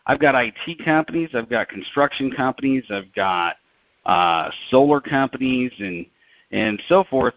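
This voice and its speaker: Deliberate middle-aged male business host. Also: medium pitch, lively intonation, no echo, highs cut off. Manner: slow, deliberate, repeats details carefully. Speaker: business consultant and podcast host. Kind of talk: live group call presentation.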